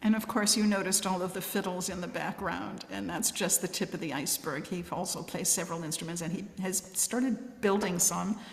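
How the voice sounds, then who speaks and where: A woman's voice: fairly low pitch, steady tone, a little fast, creaky, few pauses. A woman announcing contest winners and chatting about an entrant. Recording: reverberant hall.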